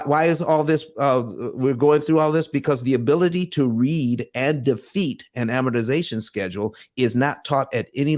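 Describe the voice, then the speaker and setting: A man's voice: mid-range voice, darkish tone. A man hosting a personal finance livestream who speaks emphatically to camera, often restarting and repeating himself as he presses his point. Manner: emphatic and earnest, with frequent restarts and repeated phrases. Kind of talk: motivational livestream talk. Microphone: webcam or desk mic, speaking to camera.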